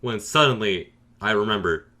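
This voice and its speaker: A man telling a comedic gaming story in a dry, deadpan, matter-of-fact way. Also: on the low side, normal speed.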